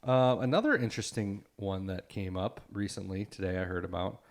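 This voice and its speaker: A man's voice: sits low, fairly quick. A young adult man co-hosting a casual podcast chat, trading stories and reading facts aloud from what he is looking up. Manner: reads facts aloud from a screen. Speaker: podcast co-host.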